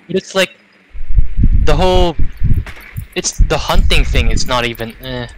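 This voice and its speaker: A man's voice: fairly high pitch, expressive, measured pace, fairly bright tone, slight background noise, low-quality recording. A man chatting casually with friends while playing a shooter game, rambling a bit as he talks. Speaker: let's play gamer. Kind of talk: casual chat while gaming.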